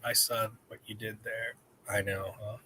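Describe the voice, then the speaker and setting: A man's voice: lowish voice, little pitch movement, moderate pace, sharp tone, slight background noise. A man hosting a casual live-stream chat, rambling and joking with viewers. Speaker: host.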